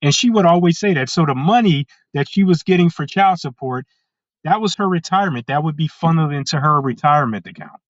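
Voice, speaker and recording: A man's voice: fairly high pitch, expressive, fairly quick, no echo, lo-fi sound. A man from California, a podcast guest telling his story in a casual way. He fills his talk with "uh" and restarts, and slips into voices when he quotes people. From California, USA. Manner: frequent "uh" fillers and restarts, acts out quoted people.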